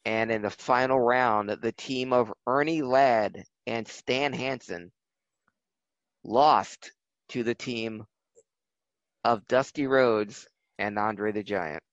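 Relaxed man chatting on a podcast. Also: medium pitch, slow, dry recording, muffled recording. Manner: relaxed storyteller, many fillers and restarts. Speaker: wrestling podcast co-host. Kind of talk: casual chat.

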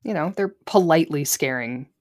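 A woman's voice: low voice, lively intonation, fairly quick. A woman co-hosting a podcast, recapping a TV episode in casual chat with wry, joking asides. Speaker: podcast co-host.

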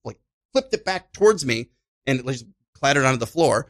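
Animated man telling a story. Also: medium pitch, brisk. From Chicago. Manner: animated storyteller, acts out voices and sounds. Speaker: podcast guest, improviser. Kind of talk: casual storytelling chat.

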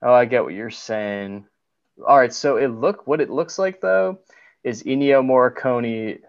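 A man's voice: mid-range voice, measured pace, muffled recording. A young man co-hosting a podcast, recapping a film scene in a rambling way full of "like"s. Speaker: podcast co-host. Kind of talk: casual film chat.

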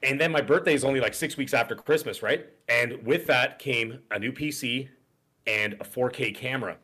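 A man's voice: medium pitch, normal speed, pushed and bright. A middle-aged man co-hosting a podcast, telling a long story in casual chat, full of fillers and asides. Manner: rambling storyteller with frequent fillers. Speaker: podcast co-host.

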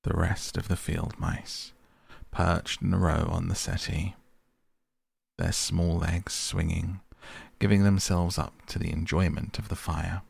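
A man softly reading a classic tale aloud as a bedtime sleep story. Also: deep voice, little pitch movement, creaky, breathy edge, no echo. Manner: softly spoken, unhurried. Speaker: audiobook narrator, podcast host.

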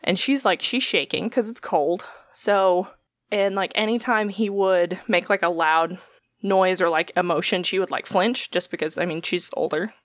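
A woman's voice: lowish voice, normal speed, no room sound, clean studio sound. A young adult woman telling a long story in casual chat, swearing often and acting out what people said. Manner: profane, animated storytelling with quoted voices.

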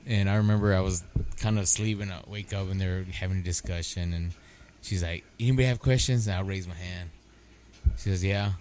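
A middle-aged man co-hosting a podcast, telling animated stories in casual chat, acting out quotes and swearing freely. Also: sits low, brisk, slight background noise. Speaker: podcast co-host.

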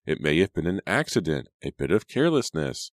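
A timid, gentle young woman who soothes rather than argues, as a male reader lifts his deep voice a little and speaks louder. Her delivery stays soft and careful, and the recording is dry. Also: big pitch swings, fairly quick, dry recording. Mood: soothing. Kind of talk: audiobook character reading.

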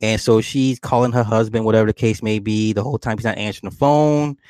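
A man's voice: lowish voice, quick pace, no echo. A man casually retelling a movie's plot, laughing often and acting out the characters' lines. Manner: animated storytelling, laughs often, acts out characters; swears casually, addresses listener with "right?".

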